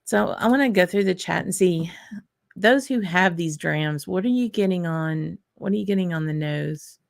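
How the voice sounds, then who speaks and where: Southern woman host, low and gravelly, unhurried live-stream chatter with small laughs. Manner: unhurried, thinking aloud, frequent small laughs. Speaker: whisky channel host. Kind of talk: casual live-stream tasting chat.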